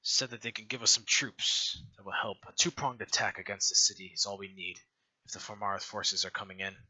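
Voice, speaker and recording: A scarf-masked rebel woman, put on by a man, speaking in a muffled, quiet, grave voice with a tense edge. Her words come out low and soft. This is tabletop role-play. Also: fairly even intonation, brisk, slightly rough, heavily acted.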